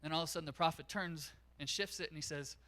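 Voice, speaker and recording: A man pastor preaching a sermon in a church, telling a story in an animated way. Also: a little high, quick pace. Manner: animated storytelling, acts out quotes.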